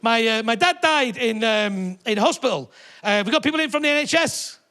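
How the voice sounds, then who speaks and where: High, bright-voiced comic. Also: male voice, lively intonation, normal speed. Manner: brash, sweary storytelling with shouted put-on voices. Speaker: stand-up comedian. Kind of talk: live stand-up routine. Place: theatre stage before a live audience.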